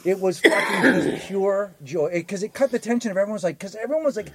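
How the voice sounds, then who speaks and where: A man hosting a casual podcast chat, excitable and laughing often, swearing freely as he tells stories. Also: sits high, fast talker, vocal fry, few pauses. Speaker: podcast host.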